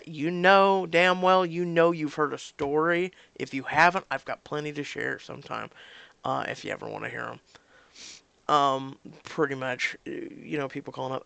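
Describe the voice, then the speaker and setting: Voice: mid-range voice, moderate pace, gravelly, fairly bright tone, smooth, no room sound. A vlogger ranting casually about mobile story games, exasperated and swearing freely. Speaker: mobile game recap vlogger.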